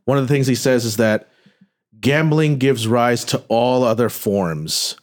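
A man who produces a podcast, explaining a point in a measured way as he thinks aloud. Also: mid-range voice. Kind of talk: explaining in casual chat.

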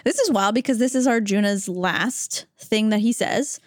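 A woman's voice: on the high side, moderate pace, no echo, clean studio sound. A young woman in a casual scripture study chat, telling the story in a playful, slangy way and laughing often. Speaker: discussion group member.

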